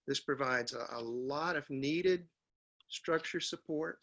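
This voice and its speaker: A man giving a seminar to teachers, drilling example sentences in a slow, repetitive way. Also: fairly high pitch, a bit bright. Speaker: teacher trainer. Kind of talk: seminar lecture.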